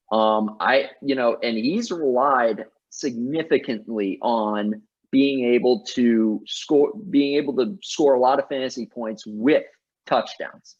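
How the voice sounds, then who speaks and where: A man's voice: medium pitch, husky. A man co-hosting a sports podcast, arguing his picks emphatically in casual chat. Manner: emphatic, argues his picks with many restarts. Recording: dull lo-fi audio.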